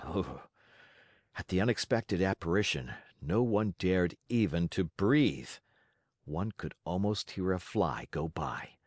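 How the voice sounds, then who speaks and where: Male audiobook narrator, low and animated, expressive storytelling, dry close-mic sound. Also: slow pace, no echo. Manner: expressive storytelling with voiced characters. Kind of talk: scripted narration.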